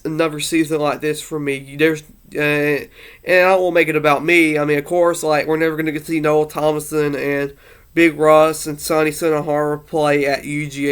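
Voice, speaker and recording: A man's voice: fairly high pitch, a bit bright, smooth. A man talking through a casual, rambling monologue about his team's season, earnest and a little emotional, full of fillers and restarts. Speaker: sports fan vlogger.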